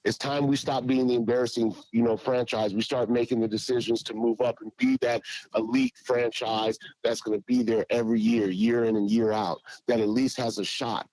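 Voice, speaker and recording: A man's voice: mid-range voice, flat delivery, moderate pace, hardly any pauses, darkish tone, dry recording, low-quality recording. A man calling into a livestream, speaking with frustration and emphasis. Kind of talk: casual sports talk.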